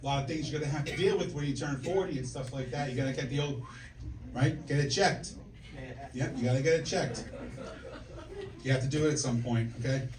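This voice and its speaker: A man's voice: medium pitch, brisk, pauses often. A man in his forties doing a stand-up set, telling brash, profane stories and working the crowd, with frequent "okay?" and "right?" asides. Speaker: stand-up comedian. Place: comedy club stage. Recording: echoey club from a distance, loud room noise.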